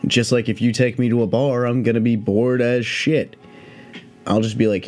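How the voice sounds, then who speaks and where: A man's voice: mid-range voice, level tone, moderate pace, darkish tone, soft background music. A man hosting a casual solo podcast, rambling and swearing, with lots of "like" fillers. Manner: rambling, profane, heavy on "like" fillers. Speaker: podcast host.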